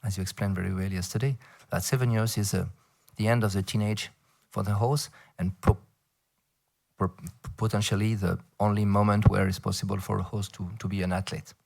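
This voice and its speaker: A middle-aged man from France with a French accent, speaking English as a second language and giving a conference talk, halting, with many fillers and playful asides. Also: lowish voice, steady tone, creaky, darkish tone. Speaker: federation director addressing a round table. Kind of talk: conference speech.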